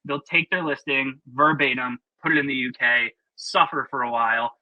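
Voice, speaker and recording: A man's voice: medium pitch, normal speed, dry recording, dull audio. A man presenting a webinar in a casual, chatty, opinionated way with plenty of fillers, over a video call.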